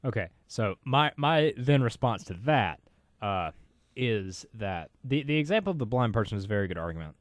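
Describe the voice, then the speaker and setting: A man's voice: lowish voice, dry recording. A young man co-hosting a college radio show, wry and playfully formal while debating philosophy. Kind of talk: casual philosophical discussion.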